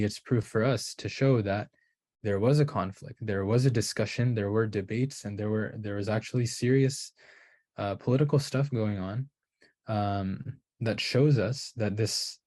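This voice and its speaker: A man's voice: lowish voice, darkish tone. A man giving a lecture on Qur'an pronunciation, thinking aloud with restarts and checking in with "right?". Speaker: Qur'an recitation teacher. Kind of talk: explanatory lecture.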